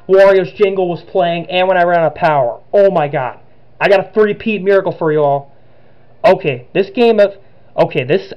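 Excitable man narrating his gameplay. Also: high-pitched, normal speed, dull audio, faint music behind. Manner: excitable, narrating each move. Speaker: gaming channel host. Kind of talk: let's-play commentary.

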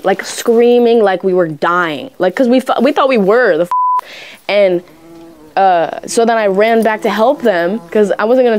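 A young woman casually telling a childhood story, rambling with lots of fillers and swearing freely, rushing and then slowing and getting loud at the tense parts. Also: on the low side. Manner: rushes and slows in bursts, gets loud in tense parts. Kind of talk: casual anecdote.

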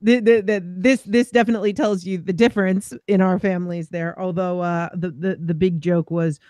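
A man hosting a podcast, reflecting thoughtfully in a relaxed chat. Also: high-pitched, normal speed, no room sound, clean studio sound. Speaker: podcast host. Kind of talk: casual chat.

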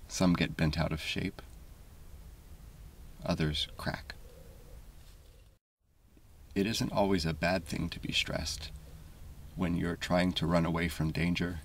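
A man with a very low, gravelly voice reads a scripted essay in a calm, even, measured way. His tone stays flat and husky, and he sounds a little far from the mic. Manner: calm, measured, deliberate delivery. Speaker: video essay narrator. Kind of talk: scripted voice-over narration.

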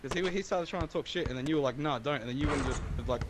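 A man's voice: on the high side, very fast, a crowd in the background. A man gaming in party voice chat, hurling repetitive insults in heated trash talk.

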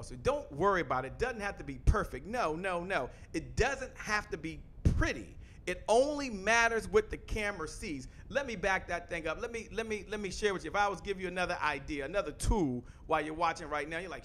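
A man talks straight to camera in an energetic sales pitch, loud and fast and hammering the same phrases again and again. His voice sits high for a man. A faint rumble hums behind him in his home studio. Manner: loud, fast-talking, emphatic, repeats phrases. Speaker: host. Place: home studio with a photo wall backdrop.

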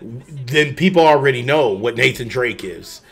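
A man co-hosting a casual gaming talk show, animated, swearing freely and laughing often. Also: medium pitch, vocal fry, slightly rough. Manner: animated, profane, quick to laugh. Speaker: podcast co-host. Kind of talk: casual chat.

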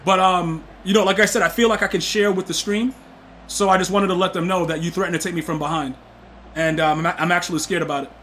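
A young man streaming a football video game, talking slangy trash to his chat and yelling at plays. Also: high voice, fairly even intonation, fast talker, a little hiss or hum. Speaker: gaming streamer. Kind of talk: live game stream commentary.

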